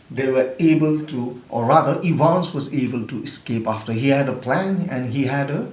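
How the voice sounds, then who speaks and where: A man's voice: medium pitch, a little mellow. A man with an Indian English accent, a teacher explaining a story chapter to students and checking in with them as he goes. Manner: explanatory, checks in with "all right?". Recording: roomy, dull lo-fi sound.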